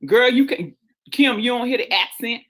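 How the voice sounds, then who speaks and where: A man with a Southern accent, co-hosting a casual chat show in an animated, teasing way. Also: very high-pitched, moderate pace, poor audio. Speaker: show co-host.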